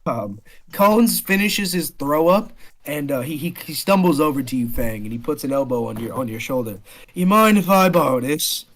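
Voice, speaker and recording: A man's voice: mid-range voice, moderate pace. A man running a tabletop game as dungeon master, narrating loosely with laughter and swearing, and putting on character voices. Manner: loose, swearing, laughs often, slips into a rough drunk voice.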